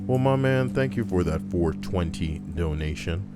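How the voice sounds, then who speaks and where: A fairly low male voice reads workplace stories on a stream, swearing freely and tossing quick, wry asides to his chat. Music plays steadily beneath him the whole time. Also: animated. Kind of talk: casual live stream narration. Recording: background music playing.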